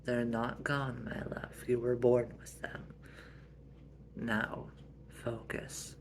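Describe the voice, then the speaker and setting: A man voicing a gentle, devoted mother who speaks softly and reassuringly. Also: medium pitch, level tone, slow, gravelly, a little hiss or hum. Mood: tender.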